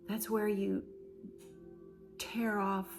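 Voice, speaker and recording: A woman giving a channeled oracle card reading, speaking in slow, emphatic, repeated phrases that often sink into soft, breathy near-whispers. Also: medium pitch, little pitch movement, soft background music. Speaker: spiritual oracle card reader.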